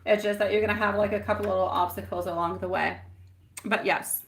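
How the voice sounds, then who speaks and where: A woman's voice: medium pitch, steady tone, fairly quick, creaky, slight background noise. A woman giving a live-stream tarot reading, chatty and affectionate, often laughing at herself.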